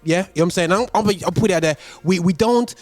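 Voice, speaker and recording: Man hosting, high-pitched, lively, dry close sound, faint music underneath. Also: fast talker, no room sound. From West Midlands, England. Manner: animated, chatty, lots of fillers. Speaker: radio host. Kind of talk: casual chat.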